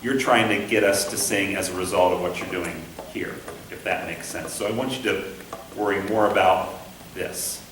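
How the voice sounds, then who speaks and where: A man coaching a conducting student in a patient, hands-on way, often singing syllables to show the beat. He is picked up from across an echoey rehearsal room. A faint hiss sits under his medium-pitched voice. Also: normal speed, recorded from a distance. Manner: patient, demonstrative, sings syllables to show rhythm. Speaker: conducting instructor. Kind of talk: classroom coaching.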